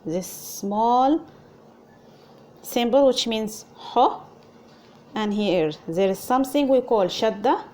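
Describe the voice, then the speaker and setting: A woman's voice: fairly high pitch, slow pace, pauses often, a little mellow. A woman with an Arabic accent teaching a language lesson, speaking patiently and repeating sounds for learners to copy.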